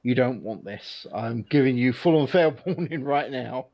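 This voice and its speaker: A man's voice: medium pitch, normal speed, muffled recording. A man co-hosting a casual stream who makes puns and plays innocent. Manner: punning, mock-innocent joker. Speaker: stream co-host.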